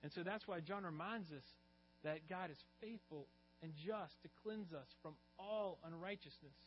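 A man's voice: high-pitched, normal speed. A man preaching a sermon as pastor, telling stories earnestly and rising in emphasis on key lines. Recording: muffled recording with faint mains hum.

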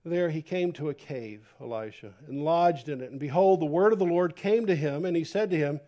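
Animated preacher, hushed to loud. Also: male voice, on the high side, brisk, hardly any pauses. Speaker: pastor. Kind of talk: sermon. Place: church.

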